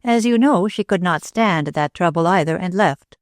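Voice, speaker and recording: Storybook part: a brooding little old inventor, grave and deliberate, read by a woman with a low voice. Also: lively intonation, no echo, studio quality, close to an everyday voice. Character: older male inventor, small, brooding, intense.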